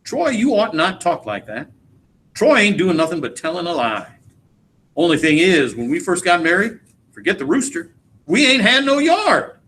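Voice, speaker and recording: Man reading as a patient no-nonsense wife, dry and firm, lively pitch. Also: moderate pace, a little hiss or hum. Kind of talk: dramatic read-aloud of a play.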